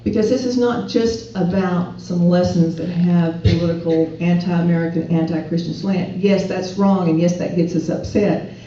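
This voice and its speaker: A woman's voice: on the low side, fairly even intonation, normal speed, hardly any pauses, mellow, a little hiss or hum. Woman speaking in an echoey hall. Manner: earnest, persuasive, addresses audience with questions. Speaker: speaker at a political rally. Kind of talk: public speech. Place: event hall. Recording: echoey hall, distant and dull.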